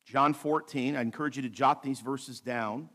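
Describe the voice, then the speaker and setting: A male pastor delivering a sermon, reading scripture slowly and adding light asides with a bit of humor. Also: medium pitch, fairly bright tone. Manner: preaching with light humor, slows to read scripture aloud.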